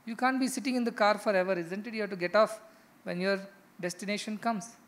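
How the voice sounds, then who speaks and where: A man's voice: sits high, steady tone, brisk, a bit bright. A middle-aged man with an Indian English accent giving a spiritual discourse, emphatic, firing rhetorical questions and repeating key phrases. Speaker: spiritual teacher. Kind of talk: spiritual discourse to ashram residents.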